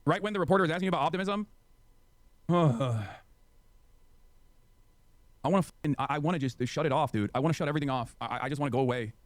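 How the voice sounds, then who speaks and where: A furious male streamer who rants at breakneck speed, swearing constantly. His voice is fairly high and the sound is dry and close. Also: fast talker, pauses often, no room sound. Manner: profane, furious, ranting. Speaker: political streamer. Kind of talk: angry livestream rant.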